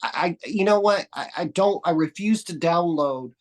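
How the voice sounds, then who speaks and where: A man's voice: sits high, expressive, moderate pace. A man from Texas, a podcast guest in a casual conversation who tells meandering stories with frequent restarts and casual swearing. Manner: rambling storyteller, restarts and trails off often.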